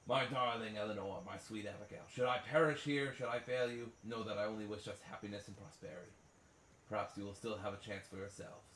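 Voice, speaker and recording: A man's voice: lowish voice, steady tone, a little fast, fairly bright tone, echoey room, a little hiss or hum, close to an everyday voice. A man reading aloud as a mock pirate writing a farewell journal, in a theatrical pirate accent. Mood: solemn.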